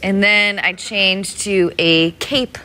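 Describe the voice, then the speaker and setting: A woman's voice: mid-range voice, steady tone, takes it slowly, heavy background noise. A woman chatting as a talk show guest, laughing as she mocks herself. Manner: giggly, self-mocking. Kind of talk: casual chat.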